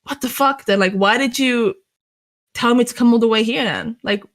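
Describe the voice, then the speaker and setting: A woman's voice: a little high, normal speed, pitched above the performer's own voice, natural voice. A young woman putting on her mother's voice, an angry, betrayed middle-aged mother who talks bluntly and indignantly.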